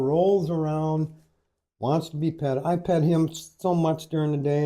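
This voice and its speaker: A man's voice: a little high, warm tone. A man on a podcast, telling crude, profane stories in a rambling, casual way. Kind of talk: casual storytelling.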